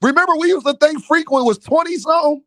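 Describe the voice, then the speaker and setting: High-voiced man trash-talking on a stream. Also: fast, bright, forceful tone, no echo. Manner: teasing, trash-talking, laughing often. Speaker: livestream host. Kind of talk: casual livestream banter.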